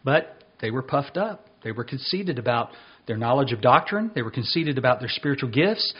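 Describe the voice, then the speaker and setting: Emphatic male preacher, lo-fi recording. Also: on the high side. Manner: emphatic preaching, slows down to stress points. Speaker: pastor. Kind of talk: sermon.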